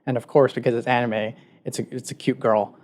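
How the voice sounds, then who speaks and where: A man's voice: mid-range voice, little pitch movement, fairly quick, darkish tone. A man co-hosting a podcast, retelling a story in a casual, rambling way with many filler words. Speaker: podcast co-host. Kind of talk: casual chat.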